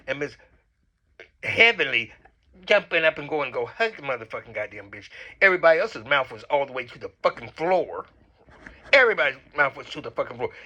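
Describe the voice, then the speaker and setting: A man's voice: mid-range voice, rough recording. A man giving a casual, profane rant about a reality show, acting out quotes with lots of swearing and sounding a little tipsy. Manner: animated, swearing, acts out quotes. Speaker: reality TV commentator.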